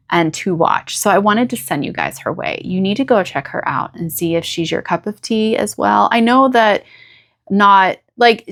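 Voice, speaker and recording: American lady hosting a knitting podcast, chatty and gushy, mid pitch, just talking to camera. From United States. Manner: chatty and gushing, with small restarts and laughs. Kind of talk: casual chat to camera.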